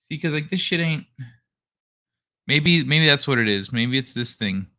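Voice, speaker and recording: A man's voice: medium pitch, animated, a little slow, sharp tone. A young man hosting a late-night live stream, chatting casually in a rambling, profane, laid-back way. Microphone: desk microphone he adjusts.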